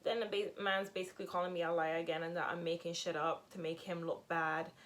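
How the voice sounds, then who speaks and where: A woman's voice: lowish voice, fast. Candid young woman telling a storytime. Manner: candid, expressive storytelling with frequent fillers and swearing. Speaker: vlogger. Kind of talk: casual storytime vlog.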